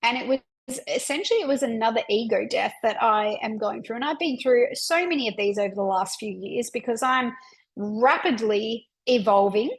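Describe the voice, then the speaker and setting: A woman's voice: fairly high pitch, normal speed, poor audio. A woman hosting a podcast, telling a personal story in an open, emotional way with lots of "like" fillers. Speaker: podcast host and women's coach.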